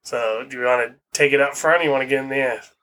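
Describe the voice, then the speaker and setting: A young man casually chatting as a podcast co-host, joking around, swearing and reacting loudly. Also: mid-range voice, fairly even intonation, fast talker. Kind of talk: casual chat.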